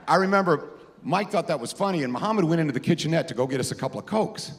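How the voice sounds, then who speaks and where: Guy giving a casual tribute speech at a gala, repeats himself a lot, booming ballroom echo. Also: animated, fast talker. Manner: informal, repeats words, chuckles into anecdotes. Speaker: speaker at an awards dinner. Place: large casino ballroom. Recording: echoey ballroom PA.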